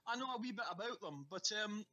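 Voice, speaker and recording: A man's voice: high voice, animated, quick pace, sharp tone, lo-fi sound. Cheeky Scottish man on the phone. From Scotland. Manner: cheeky, rambling, jokey. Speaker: caller. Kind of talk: casual phone chat.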